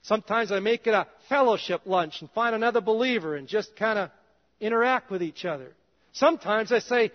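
High-voiced man preaching in echoey hall. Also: brisk. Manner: conversational, drops soft and low in quoted prayers. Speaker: pastor. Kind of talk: sermon. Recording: dull reverberant hall sound.

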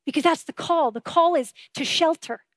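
A woman preaching a sermon with a high, clear voice, earnest and conversational, often turning to rhetorical questions. The sound is close and dry, with no room around it. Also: normal speed, a bit bright, dry recording. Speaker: pastor.

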